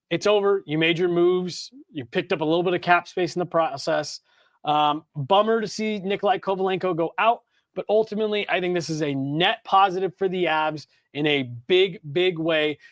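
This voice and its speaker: Man, high voice, podcast co-host, rambling, animated, lots of fillers, dry sound. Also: dry recording. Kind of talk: casual hockey podcast chat.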